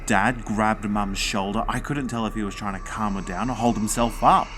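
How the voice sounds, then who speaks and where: A man's voice: on the low side, steady tone, moderate pace, a bit bright, slight background noise. A man narrating a spooky children's story with dramatic suspense.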